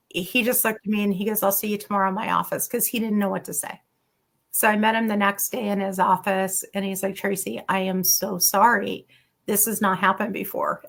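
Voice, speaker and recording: Her mid-range, creaky voice carries the candid story of her own life: she's a middle-aged woman, a physician and former patient, appearing as an interview guest. She tells it with animation, quoting dialogue along the way.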